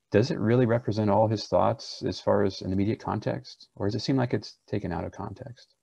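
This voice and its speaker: A man's voice: on the low side, vocal fry, darkish tone, slightly rough, dry recording. A pastor, a man, teaching a seminar on preaching in an earnest, conversational way, often restarting his sentences.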